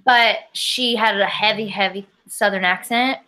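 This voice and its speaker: A woman co-hosting a comedy podcast, telling stories in an animated, teasing way. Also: medium pitch, a little slow. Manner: animated storyteller, teasing, sighs and apologizes. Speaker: podcast co-host. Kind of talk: casual comedy chat.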